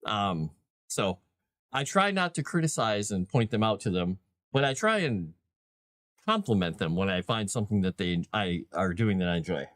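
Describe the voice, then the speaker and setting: A man's voice: on the low side, lively intonation, normal speed, fairly bright tone, dry recording. Chatty, rambling man on a dry mic. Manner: rambling, chatty, with many fillers and restarts. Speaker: livestream host and game master. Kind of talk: casual livestream chat.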